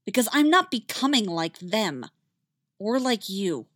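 A woman voicing a fierce, principled young female rebel pilot who speaks in a raised, forceful voice. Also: medium pitch, big pitch swings, unhurried, no echo, clean studio sound. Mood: indignant.

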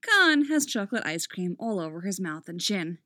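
Woman reading a story out loud, playful, lots of pitch movement, dry close mic. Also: very animated, moderate pace, dry recording. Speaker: reader. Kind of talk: audiobook narration of fan fiction.

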